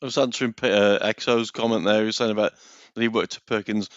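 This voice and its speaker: A man's voice: lowish voice, fairly even intonation, fast talker, no room sound, lo-fi sound. A man co-hosting a casual chat, grumbling in a jokey way. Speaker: co-host.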